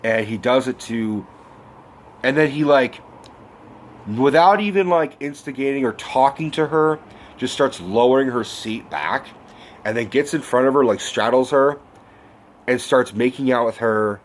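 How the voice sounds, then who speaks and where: Profane, animated young man ranting. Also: medium pitch. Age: 20s. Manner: animated, swearing, bursts of shouting. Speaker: vlogger. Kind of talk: profane movie rant.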